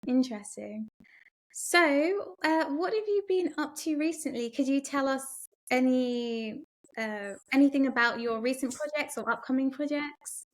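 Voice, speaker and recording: A woman hosting a podcast interview, speaking in a thoughtful, measured way. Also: sits high. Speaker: podcast host. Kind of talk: casual interview chat.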